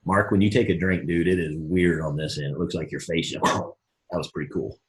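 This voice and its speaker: A man leading a live motivational coaching call, energetic and acting out both sides of sample conversations. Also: deep voice, moderate pace, roomy sound. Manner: energetic, folksy, acts out both sides of dialogues. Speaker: network marketing team leader.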